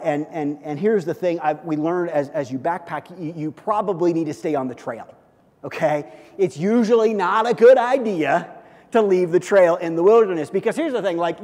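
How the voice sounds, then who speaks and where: Brief: male preacher, slightly high voice, animated and chatty, long church-hall reverb. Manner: animated, conversational, repeats "okay?" and "listen". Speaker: pastor. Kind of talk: sermon.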